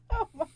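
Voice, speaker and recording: A woman co-hosting a podcast in casual chat, giggly and animated, swearing freely. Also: no echo. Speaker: podcast co-host.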